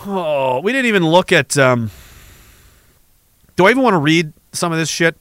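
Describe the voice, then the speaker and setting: Man, high-pitched, bright voice, rambling profane livestream host, dry close mic. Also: sing-song, moderate pace, no room sound. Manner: rambling, profane, sarcastic, laughs often. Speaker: livestream host reading chat. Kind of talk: casual livestream chat.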